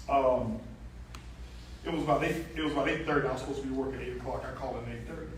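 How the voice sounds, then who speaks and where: A man giving a lively motivational seminar talk, telling stories and joking with a live audience. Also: medium pitch, racing, a little hiss or hum. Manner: animated storyteller, jokes with the crowd, asks for hands. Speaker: motivational speaker on stage. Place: large event hall. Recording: echoey hall, distant mic.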